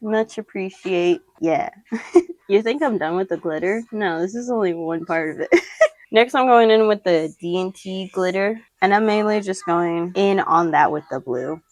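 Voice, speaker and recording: A woman's voice: medium pitch, a little slow, dry recording. A young woman chatting casually through a makeup tutorial at home, rambling, giggling and swearing offhandedly while talking to the camera. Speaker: makeup vlogger.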